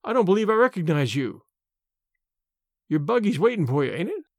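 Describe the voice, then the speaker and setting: A man's voice: high voice, very animated, brisk, a little mellow, no echo, studio quality. A man voicing a big detective who speaks in an easygoing way. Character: big, steady male detective.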